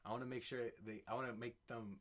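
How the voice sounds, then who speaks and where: A young American man co-hosting a podcast, loud and upbeat in casual chat. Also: medium pitch, steady tone. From United States. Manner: loud, upbeat, quick talker. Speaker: podcast co-host.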